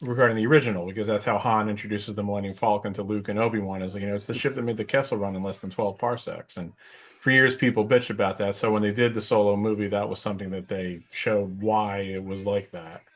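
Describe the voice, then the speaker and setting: A man's voice: lowish voice, steady tone, quick pace. Rambling middle-aged man telling a story. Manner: rambling, filler-heavy storytelling. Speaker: podcast co-host. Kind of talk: casual chat.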